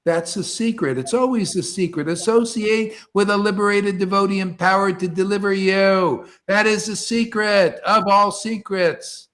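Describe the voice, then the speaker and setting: Fervent high-voiced man preaching. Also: fairly even intonation, moderate pace, hardly any pauses. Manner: fervent, preachy, swings between soft asides and loud exclamations. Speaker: spiritual teacher leading an online satsang. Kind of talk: impassioned devotional talk. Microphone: video call.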